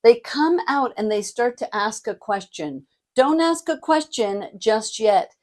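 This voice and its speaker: A woman's voice: fairly high pitch, unhurried. Woman coaching on public speaking. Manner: demonstrative, shifts between energetic hype and soft warm tones. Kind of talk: coaching lesson to camera.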